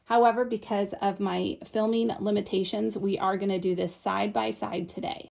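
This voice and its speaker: A woman's voice: medium pitch, steady tone, normal speed, vocal fry, a little mellow. A woman explaining a Montessori lesson step by step in a patient, instructional way. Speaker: Montessori teacher. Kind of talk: instructional demonstration.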